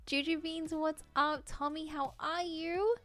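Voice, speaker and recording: A woman's voice: sits high, steady tone, measured pace, fairly bright tone. A woman chatting casually on her live stream, bubbly and giggly, thanking viewers and admitting she feels scattered.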